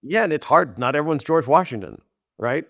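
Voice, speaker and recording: A middle-aged man, a TV director, telling behind-the-scenes stories in a casual interview, animated and quick to laugh, with many restarts. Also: fairly high pitch, vocal fry, no room sound, clean studio sound. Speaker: TV director and writer, guest.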